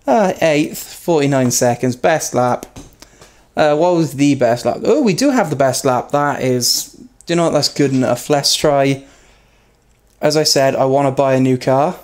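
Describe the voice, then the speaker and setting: Self-mocking man narrating racing gameplay. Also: normal speed. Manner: self-mocking, yelps high when crashing. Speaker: gaming YouTuber. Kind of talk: racing game commentary. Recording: loud background noise.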